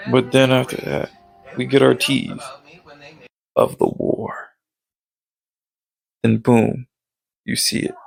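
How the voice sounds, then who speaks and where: Gravelly-voiced man rambling through a recap. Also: mid-range voice, poor audio. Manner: rambling, filler-heavy, leans on "basically" and "like"; excited storytelling with sound-effect words. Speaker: show recap vlogger. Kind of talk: casual episode recap.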